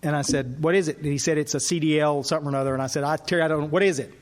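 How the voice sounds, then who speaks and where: A man, speaking at a recovery workshop as an animated storyteller who acts out the dialogue. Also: on the high side, very fast. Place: workshop hall.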